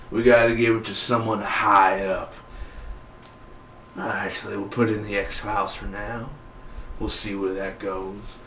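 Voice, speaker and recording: A man's voice: on the low side, fairly bright tone, a little hiss or hum. A man giving a casual, rambling recap review of a TV episode in an offhand, slangy way. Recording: roomy echo.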